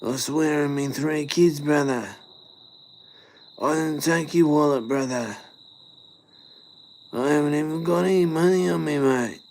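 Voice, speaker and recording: A man voicing a brash young male street hustler in Australian eshay slang, high, loud and swaggering. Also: measured pace, gravelly, long pauses, low-quality recording. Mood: pleading. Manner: wheedling and aggressive, calls everyone brother.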